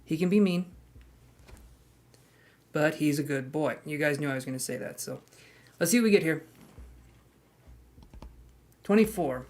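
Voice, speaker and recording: A man's voice: fairly high pitch, unhurried, long pauses, a little mellow. A man hosting a live tarot stream in casual chat, greeting viewers by name, handing out queue numbers and cracking jokes.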